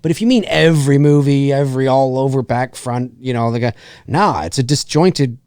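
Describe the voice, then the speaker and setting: A man's voice: mid-range voice, normal speed, a little mellow, no echo, clean studio sound. A man hosting a live movie commentary podcast, reading viewer questions aloud in a casual, laughing way. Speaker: podcast host.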